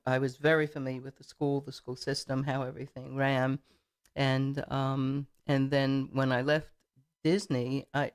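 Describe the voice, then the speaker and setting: Chatty middle-aged woman telling stories. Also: extremely low pitch. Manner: warm storyteller, repeats words, many fillers. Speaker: political candidate, guest. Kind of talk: casual interview storytelling. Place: studio.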